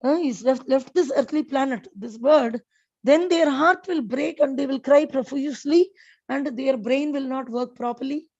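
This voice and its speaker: A woman's voice: high voice, moderate pace, a little mellow, dull audio. A woman giving a devotional scripture class, telling stories with many fillers and restarts. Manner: storytelling with frequent fillers and restarts.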